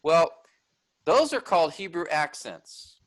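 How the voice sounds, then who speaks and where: Leading an online workshop, a man explains a text step by step and checks in with his listeners. His voice is on the high side, slow and a bit bright, with big pitch swings, and the recording is low quality.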